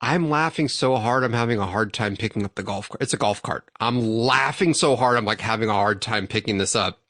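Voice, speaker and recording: A man's voice: fairly low pitch, a little fast, fairly bright tone, no room sound, studio quality. Profane laughing storyteller, a young man. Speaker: podcast host. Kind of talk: casual chat.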